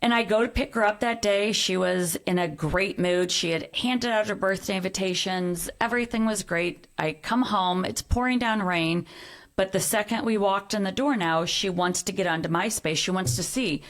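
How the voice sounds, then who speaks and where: A middle-aged woman appears as a podcast guest, speaking at normal speed in a mid-range voice. She tells a personal story in earnest conversation, acting out the quoted dialogue.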